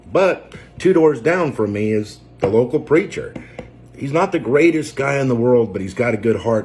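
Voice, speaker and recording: Low-voiced guy preaching his own testimony, lots of ums and pauses, thinking it through as he goes. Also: a little mellow, slight background noise. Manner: halting and reflective, with frequent pauses and fillers. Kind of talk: personal testimony, unscripted.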